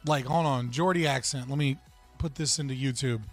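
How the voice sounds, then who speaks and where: A man's voice: medium pitch, brisk, faint music behind. A man hosting a live stream, reacting casually and bluntly, swearing and laughing while answering his chat. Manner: blunt, profane, laughs often, talks to chat.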